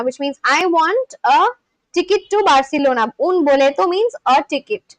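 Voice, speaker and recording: A woman from Kolkata, West Bengal, India, expressive and high-pitched, speaks at a moderate pace in a casual live-stream chat. As a streamer learning a language, she says phrases out loud and then translates them. The audio is poor, though free of echo.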